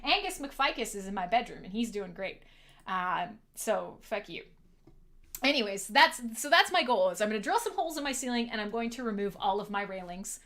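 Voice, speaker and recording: A woman's voice: medium pitch, lively intonation, fairly quick, pushed and bright. A woman hosting a casual livestream from home, joking with her chat in a profane, sarcastic, self-mocking way. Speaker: livestream host.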